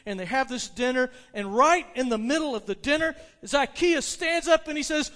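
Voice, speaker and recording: A man preaching a sermon, retelling a story with animated delivery and frequent restarts. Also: extremely high pitch, normal speed, few pauses. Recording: long hall reverb.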